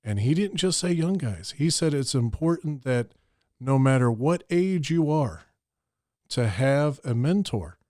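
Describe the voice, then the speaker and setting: A man's voice: medium pitch, lively intonation, a little slow, mellow, dry recording, clean studio sound. A man hosting a podcast interview, enthusiastic and eager to sum up and connect his guest's ideas. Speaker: podcast host. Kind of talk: casual interview talk.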